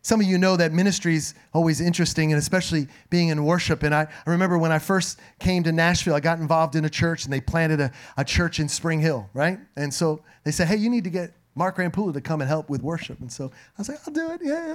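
A middle-aged man preaches a sermon in a high, slightly raspy voice. He tells stories in a loose, conversational way, full of playful asides to the congregation. His pitch sits noticeably above most men's. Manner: conversational, humorous, animated asides. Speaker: pastor. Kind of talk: sermon with storytelling.

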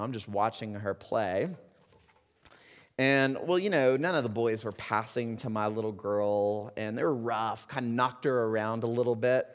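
Earnest pastor preaching in a reverberant hall. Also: male voice, medium pitch, clean tone. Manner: earnest, swings between soft confiding and loud exhortation. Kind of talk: sermon.

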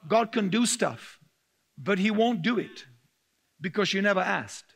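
A male preacher delivering a lively, humorous sermon. His voice sits high for a man and has a gravelly edge, and he often laughs as he tells his stories. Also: a little slow. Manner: humorous, laughing, animated storytelling. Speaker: pastor.

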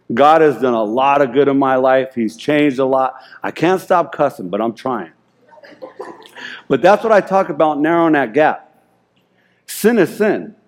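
A man giving an informal, excited sermon, rambling and self-deprecating as he reads scripture aloud. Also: a little high. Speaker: lay preacher.

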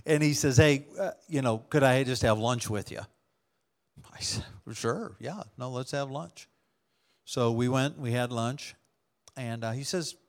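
A man's voice: medium pitch, unhurried. A man preaching as a pastor, telling a testimony story to his congregation, acting out the people he quotes. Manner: storytelling, animated, acts out quoted dialogue with laughs. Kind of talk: sermon testimony.

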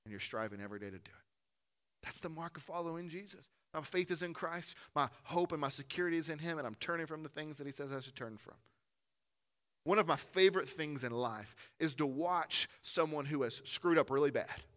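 A man preaching a sermon to a gathered congregation in a church room, earnest, rising to loud emphatic peaks and dropping to soft, low asides. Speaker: pastor.

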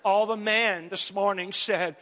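A middle-aged man preaching a sermon as pastor, animated and joking with the congregation. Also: high-pitched, a little slow, long reverb tail, slight background noise.

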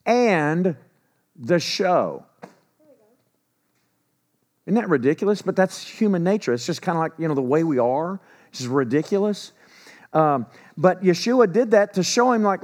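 A man, teaching Bible passages in a folksy, conversational way and acting out the people in the story. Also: high voice. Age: 60s. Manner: folksy, paraphrases scripture in a lively conversational voice.

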